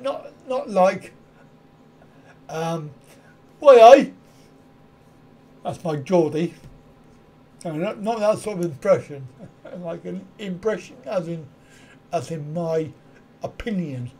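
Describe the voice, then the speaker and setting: There's a little hiss or hum behind this middle-aged man from the United Kingdom, whose voice is fairly high and dark. Hosting a live stream, he replies casually to viewer comments and keeps chuckling at his self-deprecating wry remarks.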